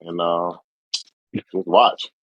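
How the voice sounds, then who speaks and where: A man's voice: low-pitched, flat delivery, very slow, dry recording, muffled recording. A man co-hosting a podcast, reacting to a story in a laid-back, musing way. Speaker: podcast co-host. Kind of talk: casual chat.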